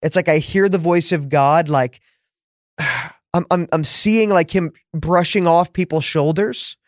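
A man hosting a faith podcast, talking fervently and slowing into heartfelt prayer. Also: on the high side, dry recording, studio quality. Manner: fervent, preacherly, slows into prayer. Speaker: podcast host.

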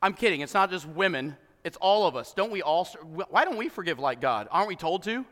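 A male pastor preaching a sermon, swinging from shouted emphasis to quiet low asides and joking with the congregation. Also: very animated, fairly quick, long reverb tail. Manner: emphatic preaching, bursts into shouts then drops low and soft. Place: church hall with congregation.

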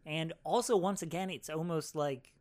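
Male co-host, slightly higher voice, upbeat and chatty, talks straight to the audience. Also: normal speed. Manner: upbeat, addresses listeners directly. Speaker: podcast co-host. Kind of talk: casual film review chat.

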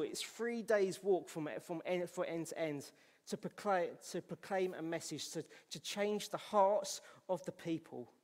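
A man with a Scottish accent preaching a sermon in church, reading scripture aloud and swinging from loud to hushed. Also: high-pitched, big-room sound. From Scotland.

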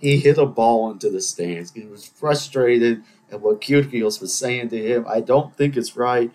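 A man's voice: mid-range voice, measured pace, darkish tone. A man hosting his own podcast, talking alone in a rambling, self-mocking way and slipping into playful voices. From Greek heritage. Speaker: podcast host. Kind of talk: casual solo monologue.

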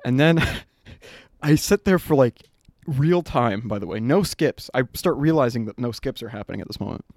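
A man's voice: medium pitch, lively intonation, moderate pace, darkish tone, no echo, studio quality. A man in his twenties on a podcast, telling a story in casual chat, swearing freely and laughing as he goes. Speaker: podcast co-host.

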